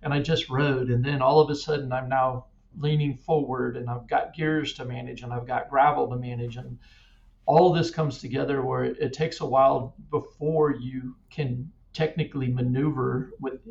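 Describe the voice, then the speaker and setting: A man's voice: medium pitch, steady tone, normal speed, gravelly, a little mellow. A middle-aged man from Kansas, a cyclist guest, telling his story earnestly, often repeating words. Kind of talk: casual interview. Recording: echoey distant dull-sounding mic.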